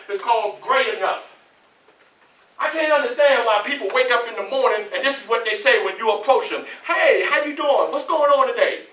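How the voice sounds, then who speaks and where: Man, Southern accent, motivational speaker, call-and-response, roomy hall, distant mic. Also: high-pitched. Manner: call-and-response, preachy and animated, asks the crowd questions. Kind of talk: motivational speech to students. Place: large echoey college hall. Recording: echoey hall, voice from far off.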